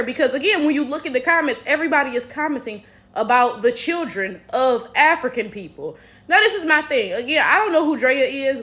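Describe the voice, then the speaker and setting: A woman's voice: a little high, sharp tone. An American woman giving a blunt, profane commentary rant to her viewers, full of rhetorical asides. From United States. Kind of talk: casual commentary vlog.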